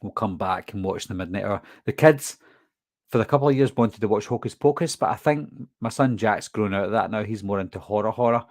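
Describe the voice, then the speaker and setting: A horror movie channel host from Scotland, speaking with a softened Glasgow accent, chats casually on a live stream while reading out and answering viewer questions. His voice sits on the low side, a little mellow, with a brisk pace. The recording is dry and studio quality.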